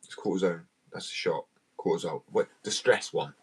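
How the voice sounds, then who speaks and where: A man's voice: deep voice, steady tone, moderate pace, slightly rough, low-quality recording. A man, chatting casually and rambling for a vlog, swearing freely and sounding drowsy and loose. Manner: rambling, sweary, laid-back. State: drowsy on muscle relaxant.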